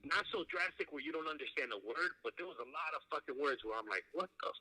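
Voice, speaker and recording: A man's voice: a little high, animated, quick pace, sharp tone, breathy edge, rough recording. A man co-hosting a podcast, teasing his partner in casual, profane banter. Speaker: podcast co-host.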